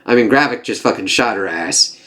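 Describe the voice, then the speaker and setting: A man's voice: on the low side, lively intonation, brisk, sharp tone. A man casually reviewing a TV episode, rambling and swearing, with lots of fillers and acted-out quotes.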